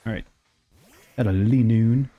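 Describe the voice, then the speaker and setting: A young man streaming a game and chatting casually, rambling along with sudden excited outbursts. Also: fairly low pitch, measured pace, phone-quality sound, soft background music. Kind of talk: casual live gameplay commentary.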